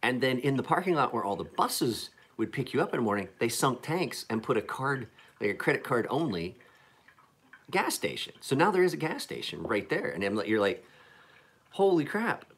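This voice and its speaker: A man's voice: medium pitch, very animated, fairly quick, a bit bright, slightly rough. A man in his forties from Appalachian Pennsylvania, chatting casually on a live stream in a rambling, profane and joking way. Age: 40s. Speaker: knife-sharpening streamer.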